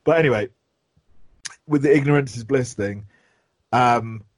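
A man's voice: mid-range voice, unhurried, no echo. A man, chatting casually and telling rambling stories with plenty of swearing. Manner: swears a lot, rambling storyteller. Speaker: podcast host. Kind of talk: casual chat.

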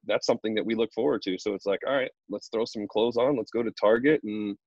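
A man, a pro baseball pitcher, chatting casually in an interview and telling stories loosely with lots of fillers. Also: fast, no echo, muffled recording. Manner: relaxed, rambling storyteller with many fillers.

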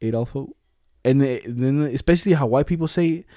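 A man's voice: medium pitch, brisk, warm tone, no echo, studio quality. A young man in casual chat, telling school stories with lots of slang and laughter.

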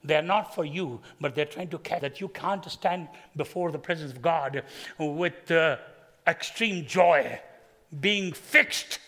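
High, bright-voiced male preacher. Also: slow. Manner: storytelling, humorous, swings from quiet to loud. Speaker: pastor. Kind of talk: sermon.

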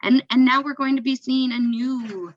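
A woman's voice: sits high, steady tone, normal speed, dull audio. A woman co-hosting a casual sports podcast, playful and jokey, laughing at her own quips. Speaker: podcast co-host.

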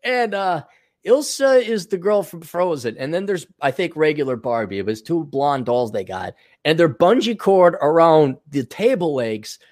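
A man's voice: fairly high pitch, very animated, moderate pace, a little mellow, no room sound, studio quality. A man hosting a rambling livestream, talking crudely and ranting, and acting out other people's voices in quotes. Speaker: show host reading superchats.

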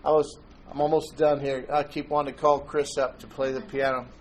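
A man's voice: medium pitch, level tone, fairly quick, a little hiss or hum, low-quality recording. A man preaching a sermon in church, conversational and joking, telling anecdotes. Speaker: pastor.

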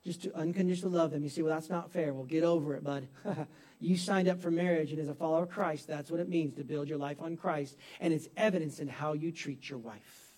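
A man preaching a sermon to a congregation, swinging from soft asides to loud, emphatic bursts and sometimes laughing at himself. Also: a little high, fairly even intonation, fairly quick. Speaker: pastor. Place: church hall with congregation.

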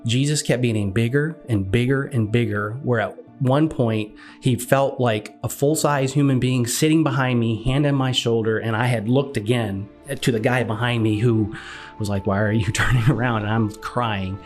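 A man's voice: mid-range voice, normal speed. Guy telling his testimony, earnest, acts out the quotes, faint music behind. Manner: earnest, animated retelling with quoted dialogue. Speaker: guest sharing testimony. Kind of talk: personal storytelling.

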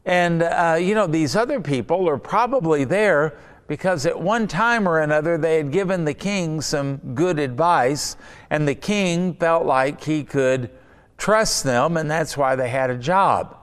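A man delivering a sermon in a slightly higher, smooth and resonant voice. He teaches conversationally and drifts into personal anecdotes. The sound carries a long hall reverb. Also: unhurried.

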